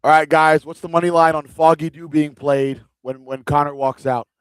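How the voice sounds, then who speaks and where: A man's voice: a little high, steady tone, normal speed, smooth, dry recording, poor audio. A man giving casual, rambling live commentary on a fight stream from a gaming chair, often repeating himself. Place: seated in a gaming chair at home.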